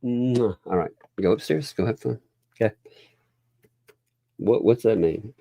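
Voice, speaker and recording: Low gravelly man. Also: unhurried, dark tone. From Oklahoma. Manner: rambling, chuckles often, thanks viewers. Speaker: livestream host. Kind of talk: casual live stream chat.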